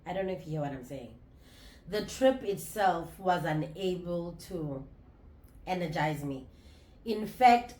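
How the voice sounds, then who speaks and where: A woman's voice: mid-range voice, darkish tone. Candid woman in her thirties vlogging. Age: 30s. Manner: reflective, candid, halting with restarts. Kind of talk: confessional casual vlog. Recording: roomy echo.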